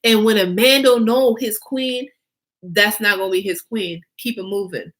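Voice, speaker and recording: This fashion designer's vlog features her medium-pitched voice at a moderate pace. She's casual yet emphatic and animated, driving points home by repeating phrases and peppering her talk with rhetorical questions and fillers.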